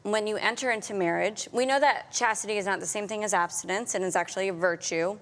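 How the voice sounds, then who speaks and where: A woman hosting an interview, who reflects on her own experience and warmly affirms her guest. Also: mid-range voice, quick pace. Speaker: host. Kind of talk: conversational interview.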